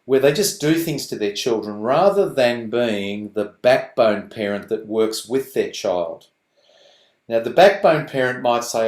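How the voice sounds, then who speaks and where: A man presenting to parents on a video call, animated and playful, slipping into quick voices to act out parents and children. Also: medium pitch, reverberant.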